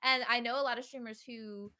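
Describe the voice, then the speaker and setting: A woman's voice: on the high side, steady tone, fairly quick, sharp tone. A young woman co-hosting a podcast, talking candidly and frankly in casual chat. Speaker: podcast co-host.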